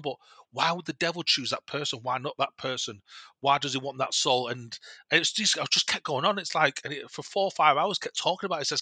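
A man's voice: medium pitch, fast talker, no echo. A man, a podcast guest, telling a personal story in a rambling way with many restarts and quoted dialogue. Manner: animated retelling with quoted dialogue. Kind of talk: casual storytelling.

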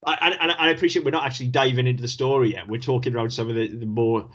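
Male podcast co-host with a husky voice, casual and profane, on dull lo-fi audio. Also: mid-range voice, racing. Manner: sweary, laughing, animated storytelling. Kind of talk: casual film review chat.

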